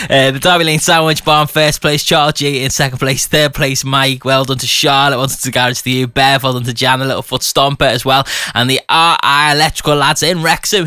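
Bright, playful radio presenter. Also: male voice, mid-range voice, clean tone, no room sound, clean studio sound. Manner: playful, teasing, chuckling between lines. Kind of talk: upbeat radio show chat. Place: radio studio. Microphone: studio microphone.

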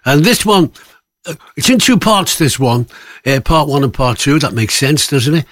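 A man's voice: on the high side, animated, normal speed, fairly bright tone, no room sound. A man presenting a radio show in casual, joking chat, rambling and laughing often.

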